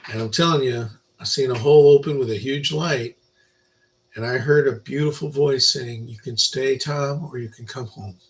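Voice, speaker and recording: An older man giving an informal Bible lecture, rambling through personal stories and swinging between loud emphasis and quiet asides. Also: medium pitch, moderate pace, poor audio. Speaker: Bible teacher.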